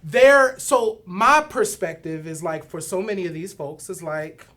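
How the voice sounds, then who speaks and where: A woman's voice: on the low side, measured pace, fairly bright tone. A woman co-hosting a casual discussion, candid and conversational, reading out viewer comments. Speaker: podcast co-host.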